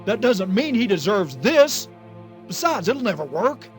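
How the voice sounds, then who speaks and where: A man's voice: sits high, sing-song, measured pace, music in the background. An actor playing a hot-tempered man in an audio drama, blustering and easily shocked. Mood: agitated.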